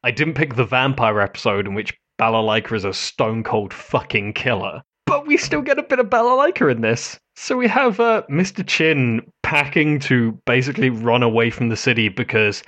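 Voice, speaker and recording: A man's voice: mid-range voice, animated, normal speed, few pauses, fairly bright tone. Enthusiastic man chatting about anime. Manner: enthusiastic, swears freely, laughs often. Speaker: podcast co-host. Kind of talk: casual anime review chat.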